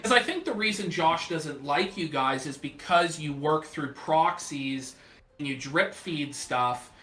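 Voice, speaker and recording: Bright-voiced, probing male host. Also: fairly high pitch, unhurried, echoey room. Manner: probing, hedging with fillers. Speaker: show host and interviewer. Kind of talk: casual interview talk.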